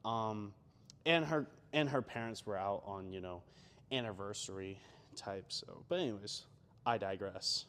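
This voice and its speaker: A man's voice: lowish voice, a little slow, a bit bright, a little hiss or hum. A young man chatting casually between gym sets, rambling with lots of fillers and self-deprecating asides. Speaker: gym vlogger.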